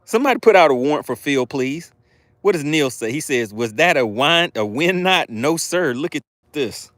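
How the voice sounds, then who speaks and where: A man's voice: on the high side, expressive, normal speed, a bit bright, no echo, studio quality. A man hosting a live fishing stream outdoors, reading viewer chat aloud and teasing them playfully. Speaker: fishing livestream host. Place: outdoors by the water.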